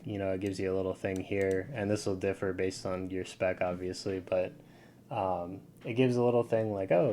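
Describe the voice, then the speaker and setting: A man's voice: fairly low pitch, a little mellow, slight background noise. A man giving a casual screen-share tutorial, talking loosely with lots of fillers over his screen. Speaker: video game guide creator.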